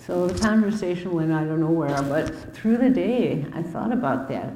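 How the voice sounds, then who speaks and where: A woman's voice: lowish voice, lively intonation, normal speed, warm tone, reverberant, slight background noise, low-quality recording. A woman in her fifties from the US Midwest, candidly telling her recovery story in a conversational way with wry asides. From Milwaukee, US Midwest. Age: 50s. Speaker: recovery speaker. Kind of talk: personal recovery testimony.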